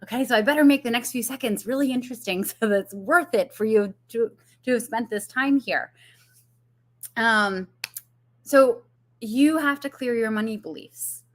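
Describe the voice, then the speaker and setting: A woman's voice: a little high, moderate pace. A woman business coach giving a casual live-streamed talk, chatty with fillers and frequent laughs.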